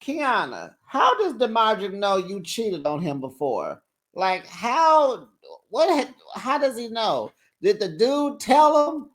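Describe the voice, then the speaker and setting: A woman's voice: on the high side, sing-song, slow. A woman hosting a reality TV recap, talking in a sassy, casual way and often laughing.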